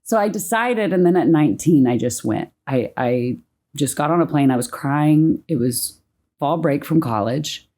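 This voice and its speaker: A woman in her forties from Tennessee, a podcast guest telling her story in animated, laughing conversation. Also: low-pitched, normal speed. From Tennessee, United States. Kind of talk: casual interview storytelling.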